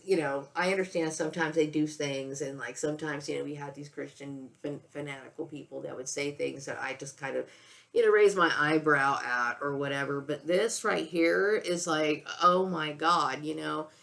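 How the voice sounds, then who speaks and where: An older woman in her sixties talks straight through an emotional personal monologue, close to tears. Her voice sits low and carries a gravelly fry. She keeps restarting sentences and checking in with "okay?" and "you know.". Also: steady tone, fairly quick. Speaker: vlogger.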